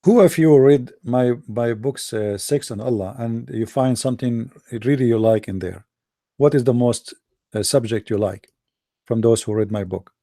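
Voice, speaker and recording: Gravelly guy hosting a debate show, mocking and emphatic, repeats himself a lot. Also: mid-range voice, normal speed, dark tone, no room sound, clean studio sound. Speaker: host of an online debate show. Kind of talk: casual monologue to a live audience.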